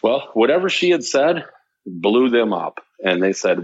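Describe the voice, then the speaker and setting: A man's voice: medium pitch, unhurried, slightly rough, no room sound, muffled recording. A man, a shop owner, casually telling a story on a podcast and acting out the dialogue. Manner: animated, acts out quoted dialogue.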